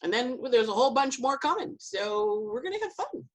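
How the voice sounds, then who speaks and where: A woman astrologer, a guest on a podcast, telling stories in a playful, animated way. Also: high voice, fairly quick, poor audio. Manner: lively storyteller, playful acted-out analogies. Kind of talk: casual podcast conversation.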